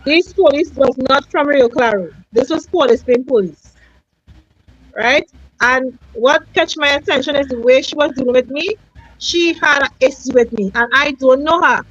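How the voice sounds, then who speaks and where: A high-voiced Trinidadian woman tells her story in earnest Creole, going over the same points again and again. She comes across a bit muffled and dry, as if heard over a phone line. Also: normal speed, dry recording. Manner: earnest, repeats herself, speaks in Trinidadian Creole. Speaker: caller describing an eviction. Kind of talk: emotional call-in account.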